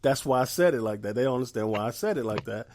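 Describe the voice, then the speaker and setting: A man's voice: mid-range voice, expressive, quick pace, darkish tone, a little hiss or hum. A man co-hosting a podcast, chatting in a laid-back, easygoing way with plenty of ums. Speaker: podcast co-host. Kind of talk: casual podcast chat.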